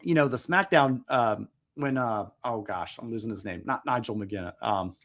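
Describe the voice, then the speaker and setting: A man's voice: mid-range voice, moderate pace, fairly bright tone. Rambling, chuckling man co-hosting a podcast. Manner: rambling, self-interrupting, chuckles. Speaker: podcast co-host. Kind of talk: casual chat.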